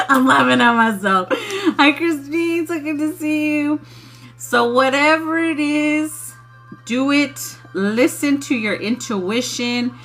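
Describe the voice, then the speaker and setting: A woman talks loosely to her livestream viewers, laughing often between thoughts. Her voice has a bright, forward edge. She takes her time and speaks at an unhurried pace. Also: mid-range voice. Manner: laughs often, loose and chatty, says y'all. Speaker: spiritual channeler on a livestream. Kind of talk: casual livestream talk.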